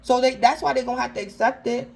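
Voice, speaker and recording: Talking fast in a slightly high, steady voice with vocal fry, this woman delivers an informal tarot reading, addressing her listener by star sign again and again. Her phrasing is slangy and chatty, full of restarts, and the audio quality is poor.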